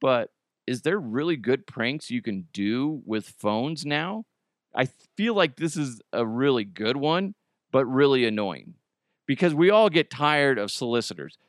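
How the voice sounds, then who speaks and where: A man's voice: medium pitch, no room sound, studio quality. A man hosting a podcast in casual comic chat, joking and slipping into silly put-on voices. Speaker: podcast host.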